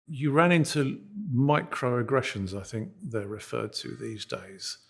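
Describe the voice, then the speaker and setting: A man's voice: mid-range voice, expressive, unhurried, gravelly, husky. A male barrister reflecting in a documentary interview, often repeating words as he thinks.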